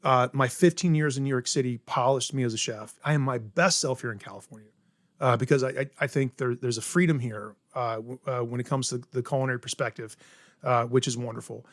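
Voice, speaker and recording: A man's voice: mid-range voice, brisk, dry recording, studio quality. A middle-aged man from South Carolina, a chef guest on an interview podcast, explaining cooking in an eager, step-by-step way and often checking in with "right?". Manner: enthusiastic, explains step by step with many "right?" tags. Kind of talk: casual interview chat.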